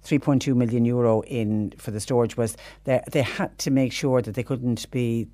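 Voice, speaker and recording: A woman's voice: very deep voice, steady tone, normal speed, warm tone, dry recording. A woman with a Cork accent hosting a radio phone-in, chatty and emphatic. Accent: Irish, Cork. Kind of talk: talk radio chat.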